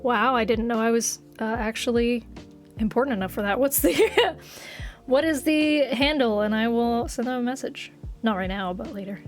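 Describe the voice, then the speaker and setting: A woman streamer chatting casually with her viewers, giggling often and getting excited as she reads the chat. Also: fairly high pitch, moderate pace, faint music behind. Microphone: desk microphone.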